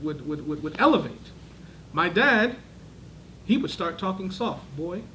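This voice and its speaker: A man's voice: high voice, a bit bright, slight background noise, poor audio. A man lecturing a class, asking the students questions and acting out voices to show how tone changes meaning. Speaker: teacher of a class.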